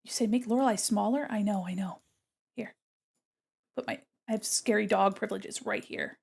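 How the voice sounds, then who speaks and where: This livestreaming artist chats casually and playfully as she draws, explaining her every move. She speaks at a normal speed in a mid-range voice with vocal fry, often pausing.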